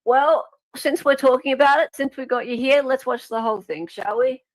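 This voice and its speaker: A woman's voice: high-pitched, moderate pace, dry recording. A woman guest on a gossip livestream, chatting in an earnest way with many fillers. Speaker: guest co-host. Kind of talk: casual chat.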